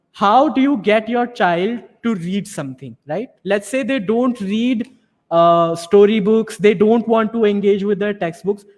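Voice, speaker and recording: A man's voice: high-pitched, a little mellow, in a large hall. A man giving an explanatory advice talk to students and parents, often checking in with rhetorical questions. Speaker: panel speaker on learning English.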